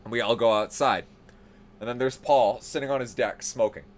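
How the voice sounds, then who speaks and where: Animated, profane male storyteller. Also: mid-range voice, normal speed, a little hiss or hum. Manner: animated, profane, building to excited outbursts. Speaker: podcast host. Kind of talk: casual storytelling.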